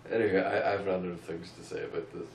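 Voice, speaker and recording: A man's voice: deep voice, fairly even intonation, fast talker, creaky. A man co-hosting a casual film review, tossing in short, dry wisecracks. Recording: roomy, distant mic with faint room noise.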